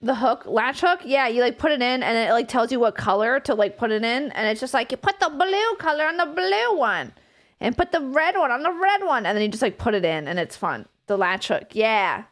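A woman in her thirties chats loosely with her live audience, laughing and cursing as she goes. Her fairly high voice swoops up and down with lots of energy. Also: fairly quick. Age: 30s. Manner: giggly, animated and swearing freely. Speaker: streamer. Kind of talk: casual live-stream chat.

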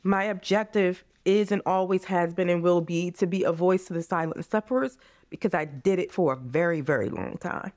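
A woman's voice: lowish voice, normal speed, darkish tone, no echo, studio quality. A woman in her forties from the United States, a podcast guest speaking earnestly and with passion in a candid interview, often calling listeners "you guys.".

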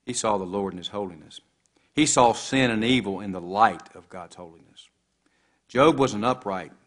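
A man's voice: fairly low pitch, normal speed, fairly bright tone. A man preaching a sermon, quoting scripture with rising and falling emphasis.

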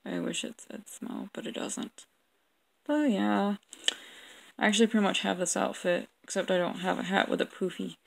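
Young woman with a gravelly voice and a sore throat. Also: medium pitch, steady tone, moderate pace, low-quality recording. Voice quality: lip-smacking. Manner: rambling, self-mocking, lots of ums. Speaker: vlogger reviewing her old drawings. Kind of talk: casual chat.

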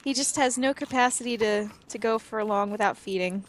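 A woman's voice: fairly high pitch, a little fast, a little hiss or hum. A young woman chatting casually while playing a co-op game, confident and playful, guiding her partner and laughing often. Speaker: co-op gameplay partner and guide. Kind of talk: casual gaming chat.

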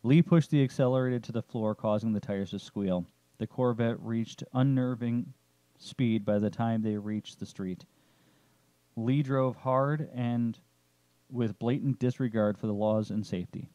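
A man narrating a story chapter in a steady, descriptive way. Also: medium pitch, measured pace, dry recording, dull audio.

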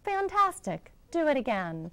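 A woman voicing a clever, bold young princess in a storybook, high and eager. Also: lively intonation, measured pace, clear, resonant tone, low-quality recording.

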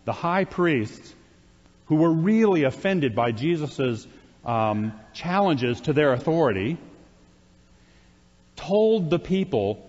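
A priest preaching a sermon, retelling a scripture story in a conversational way with wry asides to the congregation. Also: male voice, on the high side, animated, slow pace, pauses often, a little mellow. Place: church sanctuary. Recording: dull, reverberant church recording.

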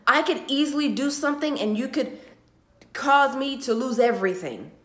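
A young woman talking tearfully to her phone camera, sighing and heartfelt, repeating herself as she goes from hushed to loud. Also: high-pitched, animated, moderate pace. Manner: heartfelt, repetitive, swinging between hushed and loud. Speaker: vlogger. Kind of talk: emotional talk to camera. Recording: roomy echo.

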